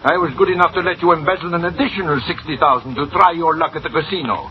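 An actor playing a scheming, blustering café manager in an old-time radio drama, full of theatrical insults. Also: male voice, on the high side, fast, a little hiss or hum, close to an everyday voice. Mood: scornful. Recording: dull lo-fi old radio broadcast.

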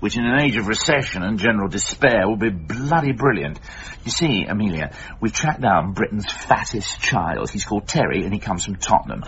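Smarmy newspaper boss, voice swoops all over, dull lo-fi radio sound. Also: male voice, on the low side, fairly bright tone, a little hiss or hum. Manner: pompous, smooth-talking. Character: scheming, pompous middle-aged male newspaper editor. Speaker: newspaper editor. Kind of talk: radio sitcom acting.

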